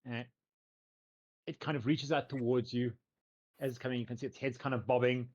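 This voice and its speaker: A man running a tabletop game, talking the table through each scene in a loose, rambling way full of fillers. His voice sits at an ordinary middle pitch, and the recording sounds dull and lo-fi. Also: little pitch movement, a little fast. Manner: loose, hedging description with many fillers. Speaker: game master.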